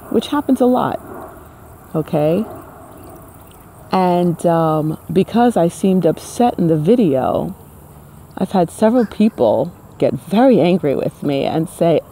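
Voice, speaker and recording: A woman talks about spirituality straight to camera. Her voice is gravelly and mellow. She speaks emphatically and sounds exasperated, firing off rhetorical questions. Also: fairly low pitch, slight background noise. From New York City. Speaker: spiritual vlogger. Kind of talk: casual spiritual talk to camera.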